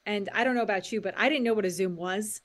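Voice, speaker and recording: A middle-aged woman, a mindset coach and author, talking as a podcast guest, animated and acting out quotes with frequent laughs. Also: medium pitch, fast. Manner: animated storyteller, acts out quotes and laughs often. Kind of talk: podcast interview.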